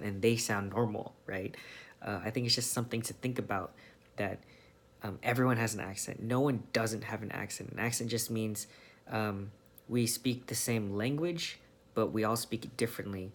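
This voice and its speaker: A man's voice: fairly low pitch, fairly bright tone. A young man from California, musing casually on camera with lots of ums and restarts. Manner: rambling, many ums and restarts. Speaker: vlogger. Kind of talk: casual monologue.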